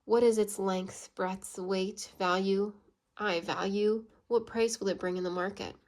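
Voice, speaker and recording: A woman's voice: medium pitch, fairly even intonation, a little slow, lightly acted. A woman reading aloud, voicing a blunt, scornful Englishman in a storybook, without much change from her own voice.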